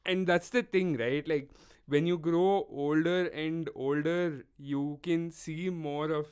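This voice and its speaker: A man hosting a podcast, chatting casually and lively, mimicking his relatives in his stories. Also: fairly high pitch, slow pace, smooth. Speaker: podcast host. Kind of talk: casual chat.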